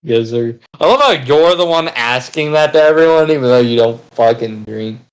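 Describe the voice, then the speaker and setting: A man's voice: medium pitch, lively intonation, normal speed, clean tone, poor audio. A man chatting casually with friends while gaming, rambling and teasing with casual swearing. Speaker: gaming video co-host.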